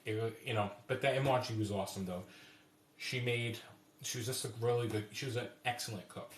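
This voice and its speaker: A man's voice: medium pitch, brisk. A man hosting a casual cooking live stream, rambling through stories with frequent restarts. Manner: rambling, restarts often, warm storytelling. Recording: roomy echoey room.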